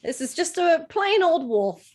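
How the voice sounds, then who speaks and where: A woman's voice: extremely high pitch, sing-song, unhurried, darkish tone, voice pushed up, heavily acted. A woman voicing a bubbly female innkeeper with a light put-on Scottish accent, chirpy and welcoming. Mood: cheerful.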